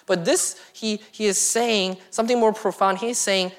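A young woman preaching a sermon in an earnest way, dropping to hushed asides and rising to emphatic pleas. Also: medium pitch, steady tone, normal speed, hardly any pauses.

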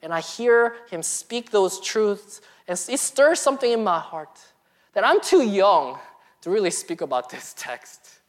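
A young woman preaching a sermon in an earnest way, dropping to hushed asides and rising to emphatic pleas. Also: medium pitch, sing-song, a little slow.

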